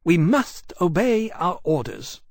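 Brief: smug female dragon, pitched well up and clipped, dry studio read, a male narrator putting her on. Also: very animated, brisk, breathy edge, no room sound. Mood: impatient, smug.

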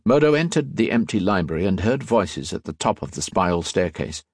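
A man narrating an audiobook in a measured, steady storytelling voice, close on the mic. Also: sits low, no room sound. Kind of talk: scripted narration.

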